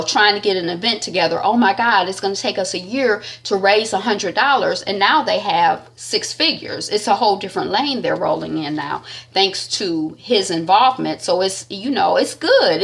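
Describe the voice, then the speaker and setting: A woman's voice: mid-range voice, a bit bright. Woman, casual TV recapper, loose and chatty, mid-range voice, circles back to repeat her points. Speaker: TV episode recapper.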